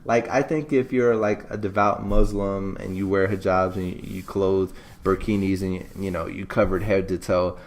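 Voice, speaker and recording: A man co-hosting a podcast, talking casually about the news in a relaxed way, with lots of "you know" asides. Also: low-pitched, normal speed. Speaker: podcast co-host.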